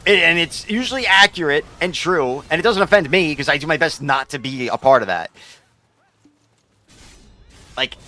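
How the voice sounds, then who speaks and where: A young game streamer rambles through casual chat with his viewers, swearing freely as he goes. His voice sits a little high and comes across bright and forceful. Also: animated, moderate pace, pauses often. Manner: rambling, profane, talks back to chat.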